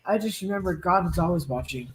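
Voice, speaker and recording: A man's voice: high voice, lively intonation, quick pace, a bit bright. A man chatting on a live recovery stream, joking and laughing at his own jokes. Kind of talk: casual livestream chat.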